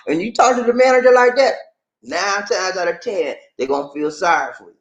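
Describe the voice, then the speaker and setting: Animated man giving casual money advice. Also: sits high, normal speed, roomy sound, poor audio. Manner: animated, laughs often, acts out phone calls. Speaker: personal finance vlogger.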